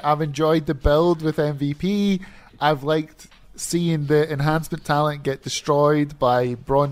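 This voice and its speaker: Male co-host, slightly high voice, loose, enthusiastic and profane in casual chat. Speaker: podcast co-host.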